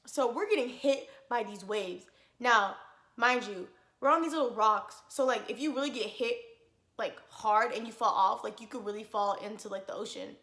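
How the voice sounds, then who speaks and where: A young woman vlogger telling a story in casual chat, animated and dramatic, laughing often. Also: on the high side, moderate pace, echoey room.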